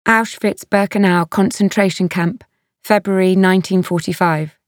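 A woman narrating an audiobook in a measured, even storytelling manner, recorded close to a studio mic. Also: medium pitch, no echo. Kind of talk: scripted narration.

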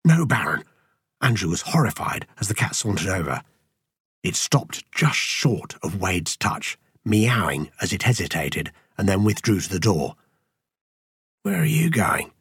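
A man narrating an audiobook in a measured, even storytelling manner. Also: low voice, husky, dry recording, clean studio sound. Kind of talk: scripted narration.

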